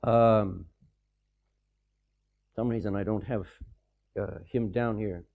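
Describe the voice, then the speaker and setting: A man preaching a sermon, animated and emphatic, with mocking, sarcastic asides. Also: fairly low pitch, slow pace, phone-quality sound.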